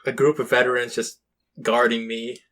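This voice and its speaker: A man's voice: mid-range voice, flat delivery, moderate pace, a bit bright. A young man hosting a podcast, telling rambling, laid-back stories in a casual chat. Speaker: podcast host.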